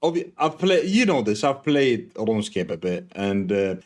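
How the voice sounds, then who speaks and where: A man chatting casually as a podcast co-host, hesitant and expressive. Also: fairly low pitch, normal speed. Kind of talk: casual chat.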